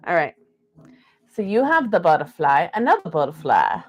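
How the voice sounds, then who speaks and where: A woman's voice: fairly low pitch, big pitch swings, normal speed, breathy edge. A young woman from the Pacific Northwest doing a live-stream card reading, talking in a put-on Southern belle drawl and calling viewers darling.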